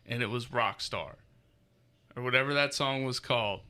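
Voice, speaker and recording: A man's voice: mid-range voice, normal speed, bright, forceful tone, clear, resonant tone. A man hosting a casual comedy podcast, joking loosely and laughing often as he reads out entries. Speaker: podcast host.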